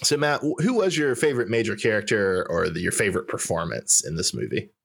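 A man's voice: fairly low pitch, sing-song, quick pace, gravelly, fairly bright tone, breathy edge. A man co-hosting a movie podcast in casual chat, dry and teasing, leading with questions. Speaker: podcast co-host.

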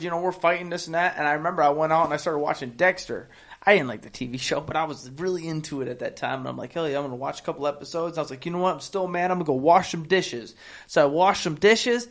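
A man hosting a podcast, telling stories in casual chat with a lot of profanity and animated delivery. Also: a little high.

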